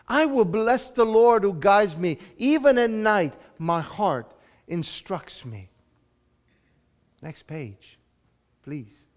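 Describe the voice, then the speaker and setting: A man with a high voice preaches a sermon in an unhurried, animated way, moving from loud exclamations to quiet, hushed asides. His voice rings out with the long reverb of a big hall. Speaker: pastor.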